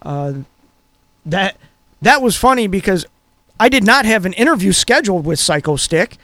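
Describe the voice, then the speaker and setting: A man's voice: high-pitched, sing-song, normal speed, bright, forceful tone, no room sound. A man co-hosting a radio talk show, telling stories in a loose, rambling way with plenty of fillers. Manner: rambling storyteller, many fillers. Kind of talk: casual chat.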